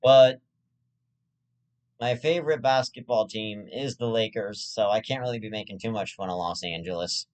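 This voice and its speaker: A man's voice: lowish voice, normal speed, darkish tone. A man hosting his own web show, delivering a rambling comedic rant full of swearing and restarts. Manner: profane, rambling, with frequent restarts.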